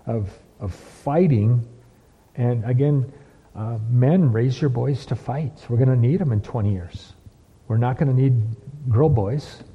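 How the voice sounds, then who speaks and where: A man's voice: medium pitch, dark tone, husky. A man preaching a sermon, full of repeated phrases and rhetorical questions. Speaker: pastor. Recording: dull lo-fi with long hall reverb.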